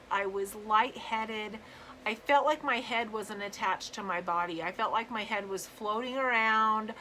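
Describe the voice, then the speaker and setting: A woman with a bright, forward voice tells her own story straight to the camera. Her telling is earnest and halting, full of fillers and restarts. A faint hum of noise sits under her voice. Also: on the high side, poor audio.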